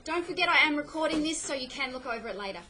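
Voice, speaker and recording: A woman's voice: high-pitched, expressive, racing, sharp tone, a little hiss or hum, rough recording. A middle-aged woman teaching a play in a classroom, explaining patiently and often checking "okay?" with her students. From Australia. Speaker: English teacher.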